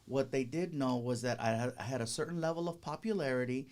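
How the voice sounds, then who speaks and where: Middle-aged comedian guest, mid-range male voice, animated storyteller. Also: mid-range voice, quick pace. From Mexican-American. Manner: animated storyteller, acts out quotes. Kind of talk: casual interview storytelling.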